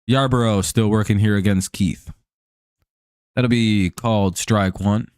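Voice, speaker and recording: A man's voice: on the low side, fairly even intonation, measured pace, a little mellow, no echo. A man hosting a live stream, chatting casually over a baseball game, laid-back and joking, with casual swearing.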